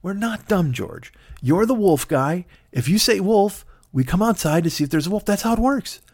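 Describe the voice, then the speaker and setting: Sleepy annoyed shepherd family, played by a man, slow patronizing explaining, high-pitched, lively. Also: dry recording, studio quality. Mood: exasperated. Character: groggy exasperated family of shepherds.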